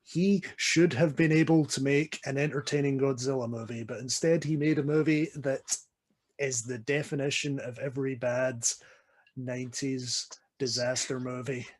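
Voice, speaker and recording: A man's voice: medium pitch, steady tone, moderate pace. A Scottish man co-hosting a casual film chat, ranting emphatically and with passion. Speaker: podcast co-host.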